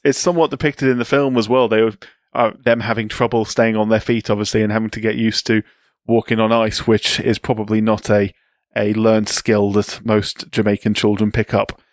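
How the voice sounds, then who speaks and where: A man co-hosting a podcast, telling sports history in a relaxed, chatty way with asides. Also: on the low side, normal speed, no echo, clean studio sound. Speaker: podcast co-host. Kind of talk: casual chat.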